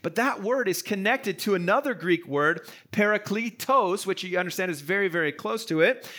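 A man's voice: sits high, lively intonation, normal speed, bright, forceful tone. A man who is a pastor, preaching an earnest, encouraging sermon to a live-streamed congregation in a conversational way. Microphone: streamed sermon to an online audience.

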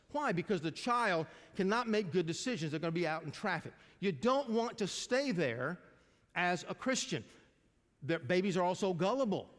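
An older male pastor delivers a folksy sermon, turning to the congregation with questions. His voice sits high for a man. The sound carries the long reverb of a large church hall. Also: expressive, moderate pace, fairly bright tone.

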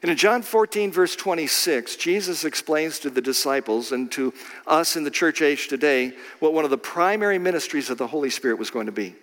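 A man preaching a sermon, swinging from quiet low passages to slow, emphatic phrases and sudden loud cries. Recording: long hall reverb.

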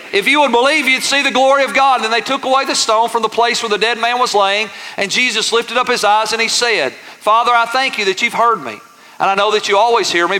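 A man's voice: high-pitched, sharp tone. A pastor preaching a sermon, folksy and full of call-and-response with his congregation. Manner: folksy, says y'all. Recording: reverberant church hall.

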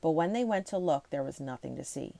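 A woman casually reading ghost stories aloud to her viewers, rushing, tripping over words and breaking off for chatty asides. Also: low voice, lively intonation, creaky, dark tone, no echo. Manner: chatty, reads fast, stumbles and laughs at herself. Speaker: ghost-story video host.

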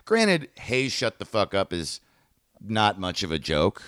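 A man from New York, a comedian guest on a podcast, telling stories in an animated, swearing way with acted-out quotes. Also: on the low side, takes it slowly, dry recording, studio quality. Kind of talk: podcast storytelling chat.

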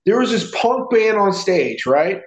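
A man telling a profane, animated story in casual podcast chat. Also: high voice, unhurried, reverberant, poor audio.

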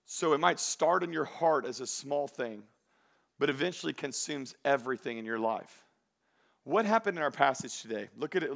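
A male pastor preaching a sermon in an animated, joking way, acting out the voices of people he quotes. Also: medium pitch, creaky.

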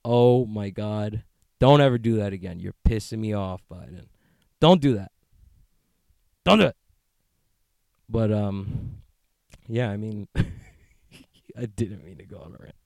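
Gravelly dude rambling on his street podcast, swears a lot, gets worked up, dry close sound. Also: on the low side, steady tone, unhurried, dark tone, no echo. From United States. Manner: rambling, profane, joking, gets worked up into ranting. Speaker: podcast host. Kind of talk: casual podcast monologue. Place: outdoors on a street.

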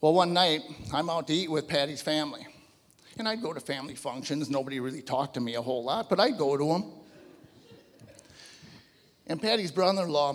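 A man in his fifties giving a personal testimony to a church audience, telling his story in an animated, conversational way. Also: a little high, big-room sound. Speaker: guest speaker giving a testimony. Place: large church hall before a live audience.

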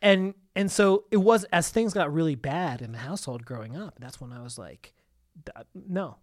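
A man in his thirties, a comedian, telling a personal story in casual conversation, halting and restarting as he acts out his past self. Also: a little high, dry recording, studio quality. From United States. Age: 30s. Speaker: stand-up comedian guest.

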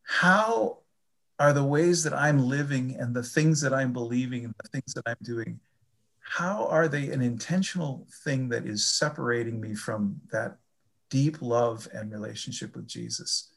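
An older man with a gravelly, creaky voice talks about faith in a relaxed conversation. He is reflective and halting, and he often repeats words as he gathers his thoughts. His pitch sits in the middle range for a man. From Chicago area.

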